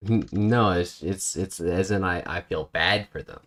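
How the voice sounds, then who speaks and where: A man's voice: deep voice, a little slow, fairly bright tone. A young man chatting casually and joking while he codes a game, thinking aloud as he types. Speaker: game developer. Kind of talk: casual chat while coding.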